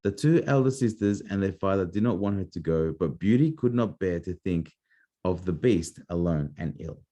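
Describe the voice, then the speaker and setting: A man's voice: deep voice, animated, moderate pace, mellow. A man reading a fairy tale aloud to his child as a bedtime story, playful and adding little asides.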